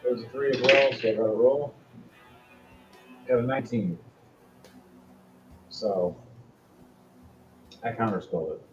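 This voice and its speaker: A man's voice: mid-range voice, slow, long pauses, dull audio, music in the background. A man narrating a tabletop game as its game master, telling the story with energy. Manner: animated storytelling.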